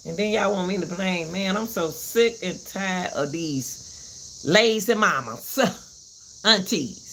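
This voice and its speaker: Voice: mid-range voice, lively intonation, slow pace, a bit bright, a little hiss or hum. A host giving a heated commentary rant, repeating herself and cursing as she vents. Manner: fiery, repeats herself, cusses.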